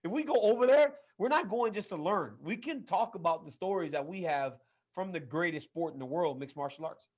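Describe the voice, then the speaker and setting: Male co-host, higher voice, excitable and repetitive in casual sports banter. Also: a little fast. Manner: enthusiastic, repeats himself for emphasis. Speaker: podcast co-host.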